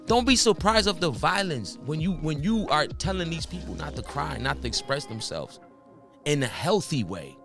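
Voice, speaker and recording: A man's voice: a little high, very animated, moderate pace, creaky, a bit bright, soft background music. A young man hosting a solo podcast, talking earnestly and passionately, firing off rhetorical questions and swearing now and then. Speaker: podcast host.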